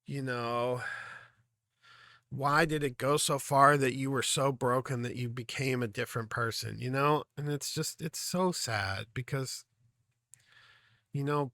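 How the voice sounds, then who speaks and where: A man hosting a music reaction video, talking in an earnest, halting, reflective way, full of fillers and clearly emotional. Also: mid-range voice, fairly bright tone, no echo, clean studio sound. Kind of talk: casual reaction commentary.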